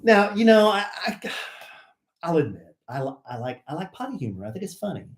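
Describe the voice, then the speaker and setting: A man's voice: on the high side, very animated, brisk, reverberant. Playful man co-hosting a podcast. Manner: playful and giggly, fond of silly jokes. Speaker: podcast co-host. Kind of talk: casual podcast banter.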